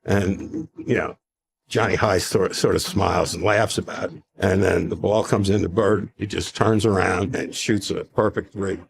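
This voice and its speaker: A man tells a sports story at a measured pace in a low, gravelly voice. His delivery stays steady and even. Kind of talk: narrated anecdote.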